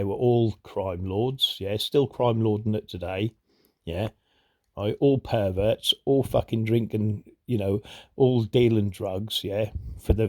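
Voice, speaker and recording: Low-voiced profane man ranting. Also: a little mellow. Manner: rambling, profane, repeats "you know what I mean". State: voice strained when angry. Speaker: vlogger. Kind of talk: angry rant to camera.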